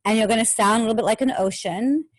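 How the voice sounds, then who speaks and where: A woman teaching yoga and meditation, calmly guiding a breathing exercise step by step and counting the breaths aloud. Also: a little high, fast talker. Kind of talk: guided breathing instruction.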